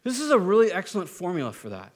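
A man's voice: high voice, huge pitch swings, rapid-fire. Conversational male pastor preaching. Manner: conversational preaching with rhetorical questions. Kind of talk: sermon.

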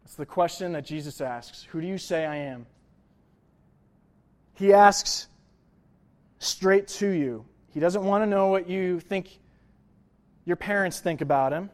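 A young male pastor gives a relaxed sermon in a slightly high voice. He talks loosely and jokes, with plenty of "like" and "uh" as he goes. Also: unhurried, pauses often. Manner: conversational, jokey, lots of fillers like "like" and "uh". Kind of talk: casual sermon.

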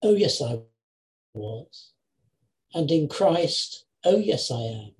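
An older man preaching an earnest sermon over a video call, with measured phrasing and emphatic repetitions. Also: mid-range voice, big pitch swings, darkish tone, low-quality recording. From England, Lincoln. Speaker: lay preacher.

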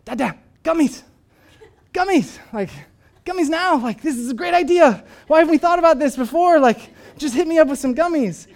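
A man voicing his excited two-year-old son, who pleads eagerly for a treat in a high, wheedling voice. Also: normal speed.

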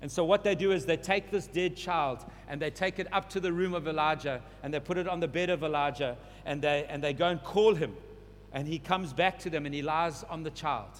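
A man's voice: fairly high pitch, brisk. A man preaching a sermon, repeating phrases and building to urgent emphasis. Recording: long hall reverb, faint hum.

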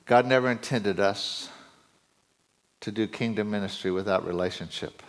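A middle-aged male preacher giving a sermon, his voice climbing higher and louder as he gets excited. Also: moderate pace. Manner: voice climbs high and loud when excited.

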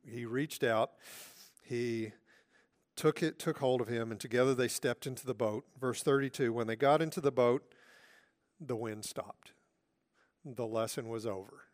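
A male pastor preaching a sermon in an earnest way, now and then dropping to a soft hush for emphasis. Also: mid-range voice.

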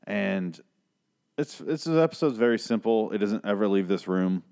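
A man's voice: fairly low pitch, expressive, moderate pace, darkish tone. A man casually recapping a TV episode, rambling, joking and swearing as he goes. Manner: rambling, profane, restarts a lot, jokey.

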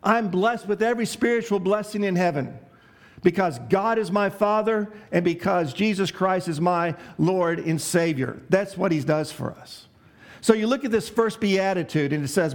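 Man, pastor, sermon, high voice, emphatic, asks the congregation questions. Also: expressive, normal speed. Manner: asks the congregation questions and lets them answer; preaching with emphatic, varied delivery.

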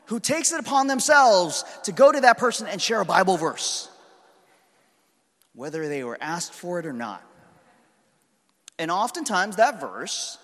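A man's voice: fairly high pitch, fairly bright tone. A man in his thirties preaching a sermon, telling a story about his daughters in an earnest, conversational way. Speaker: pastor. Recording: reverberant hall.

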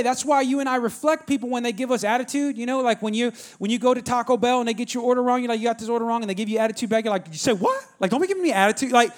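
Young guy preaching in church, high voice, rapid storytelling, keeps hyping the crowd. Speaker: pastor. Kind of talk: sermon with call-and-response.

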